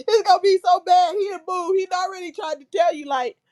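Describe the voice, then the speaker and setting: A woman's voice: very high voice, darkish tone. A woman hosting a casual livestream, reading viewers' comments aloud while laughing helplessly through nearly every line. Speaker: livestream host reading chat.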